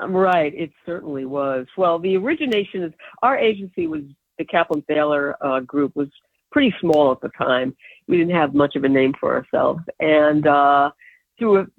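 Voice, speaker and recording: An older woman, an advertising agency founder, telling animated stories in an interview and laughing often. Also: low-pitched, slightly rough, dry recording. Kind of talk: storytelling in an interview. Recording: tinny phone-like line.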